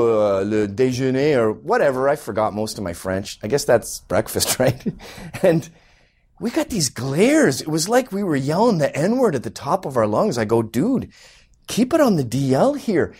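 A man's voice: on the high side, slightly rough. A Canadian man doing an exasperated, mocking stand-up rant. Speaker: comedian.

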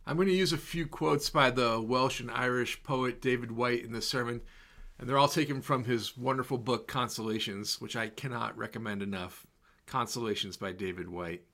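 A man preaching a sermon in a slow, measured, reflective way, letting repeated words fall soft and quiet. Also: medium pitch.

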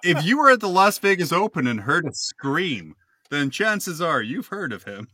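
A man co-hosting a podcast in a loose, casual chat, joking and rambling as he goes. His voice is bright and forceful, close and dry on the mic. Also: fairly high pitch, very animated, normal speed, slightly rough, no echo. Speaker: podcast co-host.

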